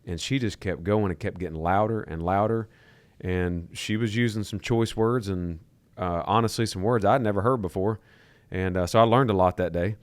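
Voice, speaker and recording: A man with a deep voice co-hosts a podcast and tells stories at an easy pace, full of fillers and repeated words. The sound is dry and close, with no room around it. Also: moderate pace, no room sound. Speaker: podcast co-host, company leader. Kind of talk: casual podcast conversation.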